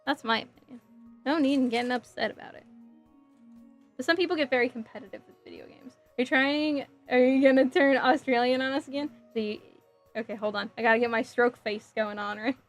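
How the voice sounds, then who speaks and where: A woman's voice: sits high, fairly quick, soft background music. A woman in her thirties chatting casually with her viewers while building a model kit, giggling often. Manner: chatty, giggly, reading chat aloud. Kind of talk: casual livestream chat.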